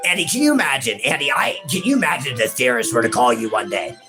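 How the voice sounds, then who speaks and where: This man's medium-pitched voice swings widely in pitch and moves quickly, with music playing behind him. Playing the game as a co-host, he trades profane, teasing banter and says the other host's name almost constantly.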